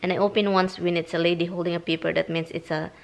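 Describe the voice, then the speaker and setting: A woman with a Filipino accent, chatting casually in a vlog and telling stories in a lively, talkative way. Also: fairly low pitch, fast talker, gravelly, poor audio. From Philippines. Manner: chatty, animated storytelling with Tagalog mixed in. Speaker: vlogger.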